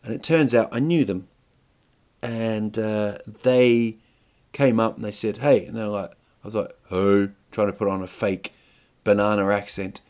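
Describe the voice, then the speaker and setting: A man's voice: fairly low pitch, steady tone, unhurried, a little mellow. A man hosting a podcast, telling a rambling comic story about himself with lots of filler words. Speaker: podcast host and comedian.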